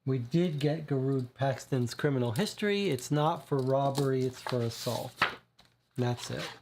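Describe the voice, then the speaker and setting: A streamer reads the case text from a detective board game aloud and drops casual remarks between passages. The delivery is unhurried and conversational. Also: mid-range voice, noisy background. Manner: reads card text, then comments casually. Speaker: streamer and player.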